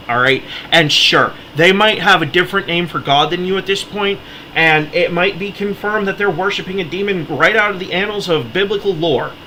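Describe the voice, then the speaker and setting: A man's voice: high voice, pushed and bright, a little hiss or hum, rough recording. An American man delivering an impassioned political monologue, heated and pleading, his voice cracking as he gets worked up. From United States. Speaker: political commentator.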